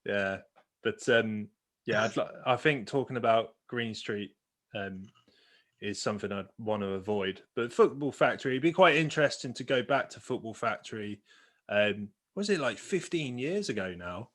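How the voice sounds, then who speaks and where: A man's voice: lowish voice, lively intonation, moderate pace, fairly bright tone. A man co-hosting a casual podcast chat about football films, chatty, trailing off with fillers and laughing often. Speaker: podcast co-host.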